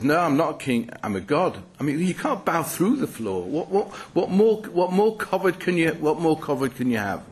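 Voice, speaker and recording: A man teaching in a sermon, telling stories with lively restarts and asides. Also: fairly high pitch, breathy edge. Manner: animated storytelling, halting restarts. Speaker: rabbi teaching.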